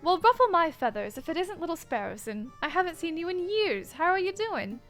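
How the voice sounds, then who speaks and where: A woman's voice: very high-pitched, sing-song, a little fast, a bit bright, faint music behind, pitched above the performer's own voice, full character voice. A woman reading the lines of a friendly, gossipy bird barkeep in a video game. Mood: chatty. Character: chatty bird barkeep of a student bar.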